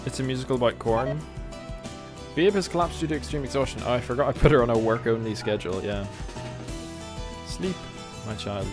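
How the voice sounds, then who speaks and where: A British man streams a game and chats casually with his viewers, wandering from one joke to the next and humming little tunes under his breath. His voice sits at an ordinary middle pitch. Soft music runs quietly behind him. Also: quick pace. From Britain. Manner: rambling, jokey, hums and scats to himself while playing.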